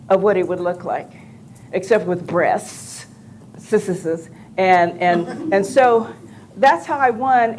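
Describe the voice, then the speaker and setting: An older woman on a live convention panel, telling animated, joking stories with some profanity. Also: medium pitch, slight background noise. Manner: animated, jokey, profane anecdotes.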